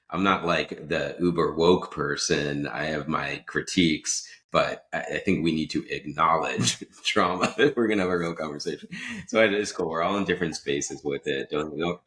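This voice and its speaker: A man's voice: very deep voice, a bit bright. A man hosting a podcast, telling a personal story in a rambling, casual way, often breaking off mid-sentence and laughing. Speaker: podcast host.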